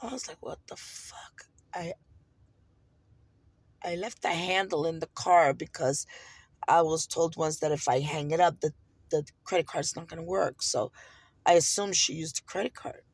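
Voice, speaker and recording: A woman's voice: low-pitched, normal speed, long pauses, husky, no room sound. Indignant, foul-mouthed woman ranting. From United States. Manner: heavy swearing, heated and indignant. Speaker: vlogger. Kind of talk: casual storytelling rant.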